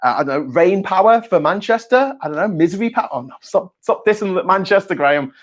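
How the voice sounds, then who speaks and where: A man with a somewhat high voice talks through news and politics on his own. He rambles, cracks jokes at his own expense and stumbles into restarts and repeats. He swears now and then in a loose, casual way. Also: expressive, quick pace. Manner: rambling and jokey, self-mocking asides, swears casually; frequent restarts and stammered repeats. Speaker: vlogger.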